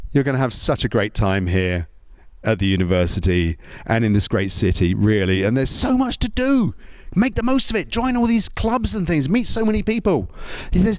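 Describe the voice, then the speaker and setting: A man's voice: fairly high pitch, dry recording, clean studio sound. A man from Britain with a British accent, doing a jokey stand-up routine as a comedian and MC, acting out little voices. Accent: British English. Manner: animated, jokey, acts out voices.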